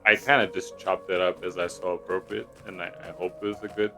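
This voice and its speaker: A man's voice: sits low, little pitch movement, a little fast, bright, forceful tone, soft background music. A man, a programmer on the game, chatting casually and a little hesitantly while watching the playthrough. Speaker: lead programmer. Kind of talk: casual let's-play commentary.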